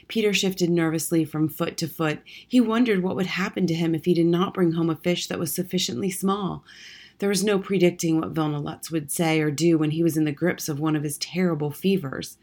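A woman reading a storybook chapter aloud in a soft, measured narration. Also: deep voice, steady tone. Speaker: audiobook reader.

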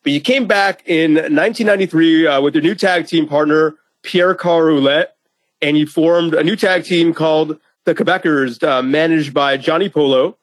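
A male host asks measured questions with light fillers. His voice sits slightly high and sounds dry and close. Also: no echo. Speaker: interviewer, host. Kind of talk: interview questions.

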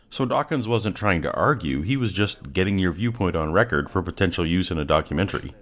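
A man hosting a podcast, giving dry, mocking commentary over video clips. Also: low voice. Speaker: podcast host.

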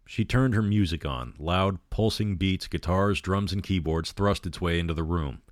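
A man reading a horror novel aloud as a storyteller, with steady, measured narration. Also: low-pitched, no echo, clean studio sound.

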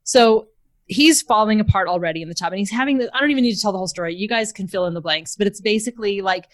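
A woman's voice: medium pitch, very fast, dry recording. A woman with a mid-range voice speaks as a parenting expert in a podcast interview, close to the mic in a dry, dead room. She explains ideas through everyday examples and briefly acts out what a parent might say.

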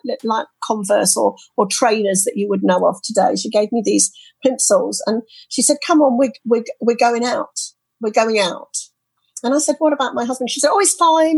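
A middle-aged woman from the UK, telling a personal story as a guest in an interview, animated and quoting others in lively voices. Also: fairly high pitch, gravelly, husky, no echo, poor audio. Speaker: interview guest, spirit artist. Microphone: headset earphones.

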